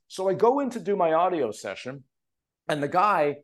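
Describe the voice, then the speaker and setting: A man's voice: sits high, moderate pace. A man from Canada, a TV producer and author, telling emotional stories in a casual podcast interview over a remote call. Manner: animated, emotional storytelling.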